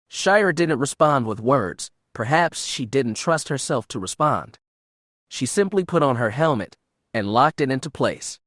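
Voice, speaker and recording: A man narrating an unabridged science-fiction audiobook in a steady, measured way. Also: mid-range voice, no room sound, studio quality. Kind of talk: scripted narration.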